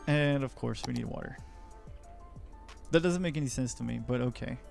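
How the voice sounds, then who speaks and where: A man's voice: medium pitch, vocal fry, darkish tone. A man giving rambling, jokey, self-deprecating commentary while playing a city-building game. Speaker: let's play host. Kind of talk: casual gameplay commentary.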